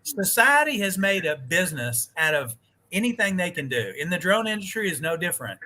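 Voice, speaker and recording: Calling in by video as a guest on a live stream, this US man keeps the chat casual with animated stories, mild swearing, and acted-out dialogue. His voice is high-pitched and his delivery fairly quick.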